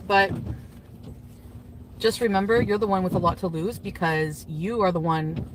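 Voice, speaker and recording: A woman's voice: fairly low pitch, normal speed, noisy background. A woman on a live stream, upset and confrontational, saying she feels shaky.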